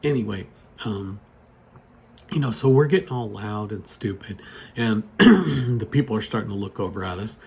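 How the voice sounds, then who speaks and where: A man's voice: lowish voice, animated, moderate pace, creaky, a little mellow, husky. A man telling a story in a casual, rambling way, full of "you know" and restarts, recorded on a phone at a desk. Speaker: storyteller vlogger. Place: home desk with computer monitors.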